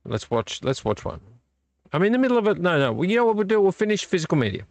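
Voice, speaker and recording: A man's voice: sits high, very animated, quick pace, no room sound. A middle-aged man, hosting a casual live-stream vlog in a rambling, easily distracted way. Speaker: vlog host.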